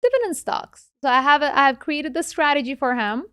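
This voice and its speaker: A woman with a non-native English accent talks through ideas in a lively, explanatory way. Her voice sits on the higher side. The sound is dry and close, with no room echo. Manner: animated, explanatory, quick asides. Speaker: guest investing educator. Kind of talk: casual interview explanation.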